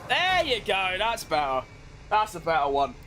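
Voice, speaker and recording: A man's voice: high-pitched, huge pitch swings, moderate pace, background noise. A young man giving casual, self-mocking commentary as he plays a racing game, rambling and restarting his sentences. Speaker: gaming video creator. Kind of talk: casual commentary over gameplay.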